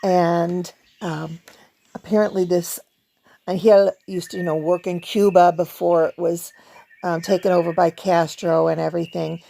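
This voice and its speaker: A woman talks through a casual review, conversational and loose. Her voice carries a gravelly fry. She chats along with small laughs between thoughts. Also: fairly low pitch, little pitch movement, unhurried, mellow, slight background noise. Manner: chatty, laughs often, hums song snippets. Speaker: video host; performer. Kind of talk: casual book review vlog.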